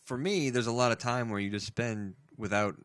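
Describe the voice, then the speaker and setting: A man co-hosting a casual podcast, a stay-at-home dad who talks haltingly and searches for words. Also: medium pitch, a bit bright, clean tone, no echo. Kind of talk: casual chat.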